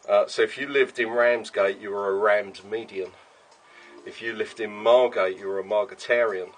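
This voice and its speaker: Rambling man in a workshop. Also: on the low side. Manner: rambling, goes off on tangents, swears casually. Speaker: workshop owner making custom paintball guns. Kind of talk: casual workshop vlog. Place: workshop with a milling machine.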